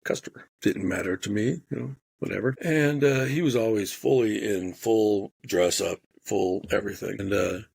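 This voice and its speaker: A man telling animated stories in casual podcast chat, swearing freely and acting out what people said. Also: lowish voice, moderate pace, gravelly, hardly any pauses, breathy edge, no room sound. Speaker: podcast guest storyteller.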